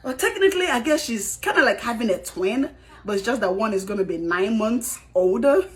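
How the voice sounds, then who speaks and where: A woman's voice: a little high, lively intonation, fairly quick. A woman giving dramatic reaction commentary, exclaiming and laughing as she talks.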